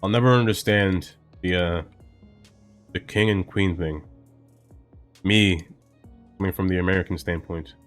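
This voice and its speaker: A man's voice: deep voice, fairly even intonation, unhurried, long pauses, soft background music. A man from Brooklyn chatting casually with viewers while he plays a building game, rambling and thinking aloud with many fillers. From Brooklyn, New York. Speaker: game streamer.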